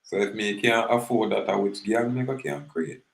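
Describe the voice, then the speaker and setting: Gravelly Jamaican man rambling in patois. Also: lowish voice, normal speed, reverberant, poor audio. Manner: rambling, mixes patois with English, acts out little scenes. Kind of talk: casual monologue commentary.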